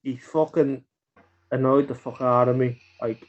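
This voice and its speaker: A man from Birkenhead with a Merseyside accent, swearing and filling his casual stories with "like" as he rushes bursts of words. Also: medium pitch, steady tone. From Birkenhead, England. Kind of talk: casual storytelling chat. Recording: dull lo-fi sound.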